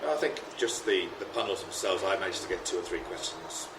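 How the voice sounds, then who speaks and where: Man, guest, casual chat, measured, thoughtful, very deep voice, noisy background. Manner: measured, thoughtful, restarts phrases. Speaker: podcast guest.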